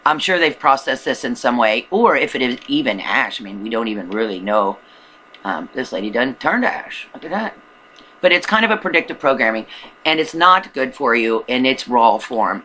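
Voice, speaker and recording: Rambling, bright-voiced video blogger. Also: medium pitch, slight background noise, low-quality recording. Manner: rambling, earnest warnings with many restarts. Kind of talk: casual monologue to camera. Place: rural home in the wilderness.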